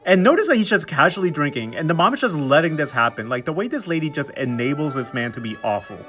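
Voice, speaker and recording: A man's voice: a little high, fast talker, faint music behind. Slangy, sarcastic young man recapping a show. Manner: slangy, sarcastic, animated storytelling with mocking quoted voices. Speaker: recap commentator. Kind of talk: comedic episode recap.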